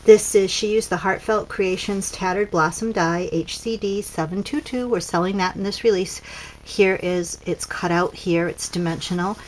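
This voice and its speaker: A woman's voice: mid-range voice, moderate pace, slight background noise, poor audio. A woman casually demonstrating papercraft cards as a seller, chatty and pointing things out with frequent ums.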